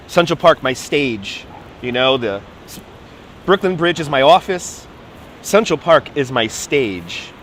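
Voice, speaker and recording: A man's voice: medium pitch, fairly bright tone, a little hiss or hum. A man chatting casually on a livestream as a tour guide, talking playfully into a phone held in his hand outdoors. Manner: chatty, playful, drifts into put-on accents. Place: outdoors in a city park.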